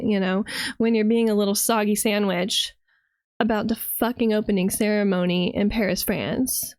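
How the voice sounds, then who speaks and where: A woman's voice: mid-range voice, darkish tone, no echo. A woman from the United States who streams as a vtuber, delivering a heated, profane and sarcastic reaction rant.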